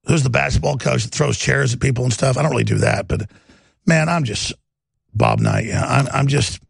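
A man hosting a talk radio show, ranting in an agitated way that swings from mumbling to loud. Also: medium pitch, vocal fry, breathy edge, dry recording, studio quality. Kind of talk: heated talk radio monologue.

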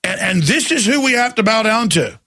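A man's voice: high voice, very animated, brisk, pushed and bright, dry recording, clean studio sound. A man hosting a talk radio show, ranting in a mocking, grotesque way and laughing often. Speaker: radio host taking calls.

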